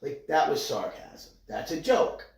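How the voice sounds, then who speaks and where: Brash, animated man in an echoey room. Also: on the high side, a little slow, vocal fry, distant mic. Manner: animated, brash, crude joking. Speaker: podcast co-host. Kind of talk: casual podcast chat.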